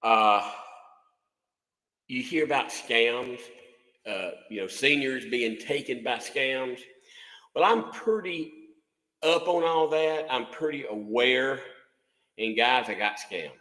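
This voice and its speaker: A man's voice: mid-range voice, expressive, slow, long pauses, pushed and bright, roomy sound, big-room sound, low-quality recording. A man, hosting a casual livestream and rambling in a folksy way, often repeating words. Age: 60s. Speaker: livestream host, music instructor.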